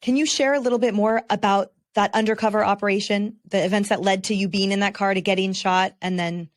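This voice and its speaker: A woman hosts a podcast interview, her voice at a middle pitch. She asks long, winding questions of her guest. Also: fairly even intonation, fairly quick, no room sound, studio quality. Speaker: podcast host.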